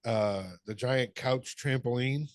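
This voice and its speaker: A man's voice: mid-range voice, takes it slowly, dry recording. A middle-aged man co-hosting a podcast, chatting casually, telling funny stories, laughing and swearing freely. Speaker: podcast co-host. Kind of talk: casual chat.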